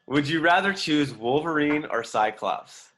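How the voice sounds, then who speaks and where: A male interview host with a bright, sharp voice. His pitch swings widely as he fires off short quiz questions. He keeps things brisk and upbeat. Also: lively intonation. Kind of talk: rapid-fire quiz questions.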